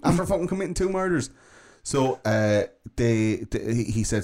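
A man's voice: mid-range voice, expressive, moderate pace, few pauses, a little mellow. A man hosting a podcast, telling a true-crime story in a casual, profane, joking way. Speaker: podcast host.

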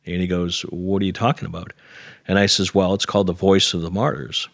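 Man, middle-aged, very deep voice, earnest storytelling, self-deprecating, dry sound. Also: little pitch movement, fairly quick, creaky, dry recording. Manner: earnest, self-deprecating, quotes others in dialogue. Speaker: interview guest. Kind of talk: conversational storytelling.

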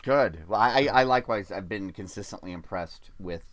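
A man's voice: lowish voice, a little fast, a bit bright, no echo. A man hosting a casual podcast chat, upbeat and leading the discussion. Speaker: podcast host.

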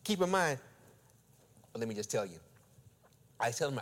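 A middle-aged man preaching through a personal story, acting out the dialogue and swinging between loud bursts and quiet asides. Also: mid-range voice, expressive, normal speed, long pauses. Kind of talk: storytelling sermon.

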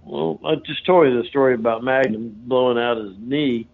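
A man's voice: medium pitch, normal speed. A man telling stories in a loose, rambling way with plenty of fillers, as an interview guest. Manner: rambling, folksy, lots of fillers. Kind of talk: casual storytelling. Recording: phone-like narrow sound.

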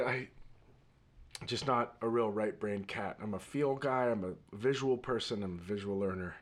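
A man hosting his own podcast, telling a story in a rambling, animated way and laughing readily. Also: mid-range voice, normal speed. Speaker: podcast host. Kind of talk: casual storytelling monologue.

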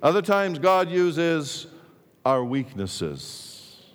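Slow-preaching pastor in an echoing sanctuary. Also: male voice, on the high side, very animated. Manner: emphatic, with calls of amen to the congregation. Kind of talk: sermon. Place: church sanctuary. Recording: long reverb of a big sanctuary.

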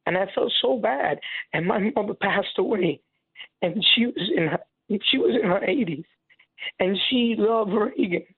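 A man calling in to a radio show, emotional and impassioned, halting with many restarts over a tinny phone line. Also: high-pitched, expressive, creaky, breathy edge, dry recording. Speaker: caller. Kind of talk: call-in radio caller.

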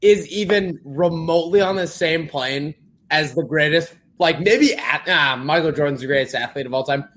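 A man's voice: on the high side, normal speed, fairly bright tone. A man co-hosting a podcast, arguing in a brash, mocking way during casual banter. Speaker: podcast co-host.

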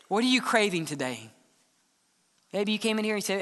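A man preaching a sermon as the church's pastor, earnest, sometimes dropping to a hushed tone to press a point. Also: sits high, sing-song, fairly quick, pauses often. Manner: earnest preaching, drops to hushed tones for emphasis. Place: church sanctuary. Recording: long church hall reverb.

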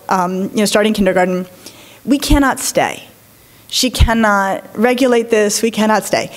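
A woman in her forties, a child psychologist, telling a story to an audience in an animated way, acting out the voices of people she quotes. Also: fairly high pitch. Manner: animated, acts out quoted voices, many asides.

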